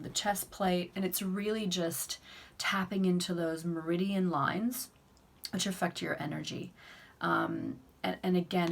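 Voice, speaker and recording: A young adult woman coach calmly explaining a tapping technique to camera, steady and unhurried with occasional fillers. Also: lowish voice, gravelly. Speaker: self-help coach. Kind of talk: instructional talk to camera.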